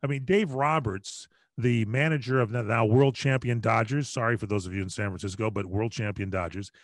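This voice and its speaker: A middle-aged man, a radio broadcaster, telling stories in a lively, joking way over a video call. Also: on the low side, dry recording, studio quality. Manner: lively, chatty, quick to joke. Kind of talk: animated storytelling in conversation.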